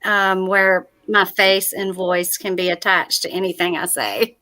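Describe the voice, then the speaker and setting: A woman's voice: mid-range voice, flat delivery, unhurried, sharp tone. A woman with a Southern accent, chatting casually as a call-in guest and using lots of fillers. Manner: chatty, self-deprecating, many fillers. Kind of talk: casual chat.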